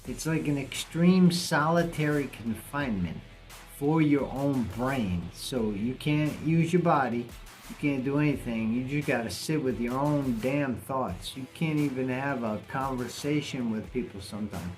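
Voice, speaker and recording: A vlogger with a medium-pitched voice talks to camera at a measured pace, blunt and plainspoken, cursing casually now and then. Faint music plays behind him.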